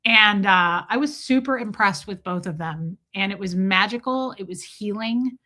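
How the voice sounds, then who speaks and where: A woman hosting a casual livestream, telling animated stories and greeting viewers by name. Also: medium pitch, normal speed. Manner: animated storytelling, reads out viewer names. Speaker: livestream host.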